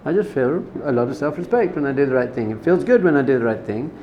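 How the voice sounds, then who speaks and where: A rabbi giving an informal Torah lesson, talking conversationally, repeating words for emphasis and telling personal stories. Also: male voice, medium pitch, lively intonation, fast talker, lo-fi sound, slight background noise. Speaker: rabbi teaching a class.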